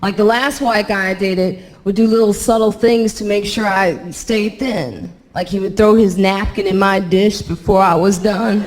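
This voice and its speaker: A woman delivers a stand-up routine in a dry, conversational way on a club stage. Her voice sits at a middle pitch and comes through a handheld mic, with clear audience noise around it. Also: normal speed, hardly any pauses. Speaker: stand-up comedian.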